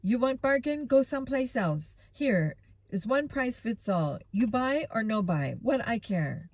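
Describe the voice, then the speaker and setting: A woman's voice: fairly high pitch, big pitch swings, unhurried, no room sound, voice pushed up, exaggerated voice. A woman voicing a blunt older male street vendor with a thick Russian accent and broken English, in a storybook reading. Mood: gruff.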